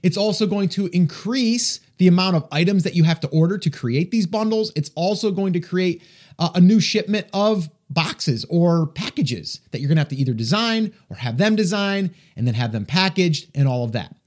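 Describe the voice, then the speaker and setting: A man's voice: high-pitched, expressive, moderate pace. A man hosting an advice podcast in a chatty, self-deprecating way, with an East Coast American accent. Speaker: podcast host.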